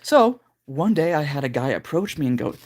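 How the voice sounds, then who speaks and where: A man's voice: fairly high pitch, very animated, moderate pace, a little mellow. A man at home giving a casual livestream vocal lesson, talking in loose, rambling sentences full of fillers. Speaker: vocal coach streaming live.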